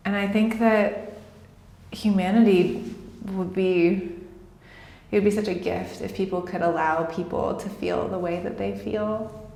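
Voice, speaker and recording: Woman interview guest, mid-pitched, earnest and reflective, echoey room with faint hum. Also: steady tone, vocal fry, mellow. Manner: earnest, thoughtful, with "um" pauses. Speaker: guest, founder of a paint studio. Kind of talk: casual interview.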